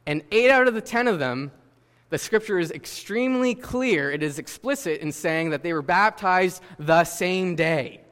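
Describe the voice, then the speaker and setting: Man, high pitch, sermon, conversational, rhetorical questions, reverberant hall. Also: animated, normal speed, a bit bright, clean tone. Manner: conversational preaching with casual fillers and rhetorical questions. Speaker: pastor.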